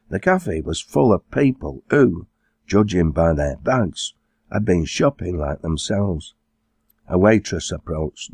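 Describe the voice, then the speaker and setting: A man reading his own audiobook in a measured storytelling manner. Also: low voice, darkish tone, slightly rough, no echo, clean studio sound. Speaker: author narrating own audiobook. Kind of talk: scripted narration.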